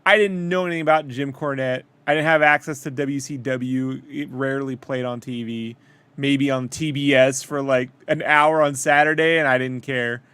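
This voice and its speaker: A man from Southern California co-hosting a casual chat, wry and quick to laugh, with halting stammers. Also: medium pitch, steady tone, fairly bright tone, clean tone, no room sound. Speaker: co-host.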